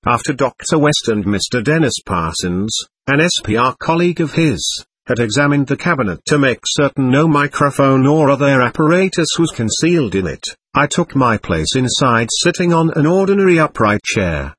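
A man giving a measured, matter-of-fact first-person account of a seance, read aloud. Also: medium pitch, sing-song, a bit bright, breathy edge, no room sound. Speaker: medium recounting a seance.

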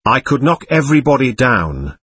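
Man voicing a stubborn angry male spirit, husky, spiky up-and-down delivery, read from a séance transcript. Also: medium pitch, sing-song, normal speed, a bit bright, no room sound. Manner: defiant, threatening, scornful. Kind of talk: reading a séance transcript aloud.

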